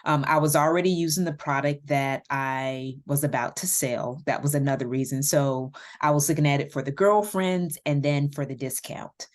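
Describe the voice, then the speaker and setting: A woman with a Southern American accent, a podcast guest speaking in a relaxed, reflective interview style with light laughs and fillers. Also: low-pitched, moderate pace, hardly any pauses. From Virginia, USA. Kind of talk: casual interview conversation.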